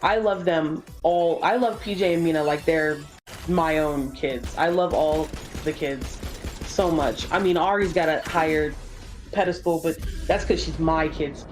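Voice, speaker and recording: A young woman chatting casually during a game stream, telling stories with lots of "like" and swearing, copying kids in squeaky voices. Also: a little slow, soft background music, low-quality recording. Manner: casual swearing, says "like" a lot. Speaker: streamer co-host. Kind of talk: casual chat while gaming.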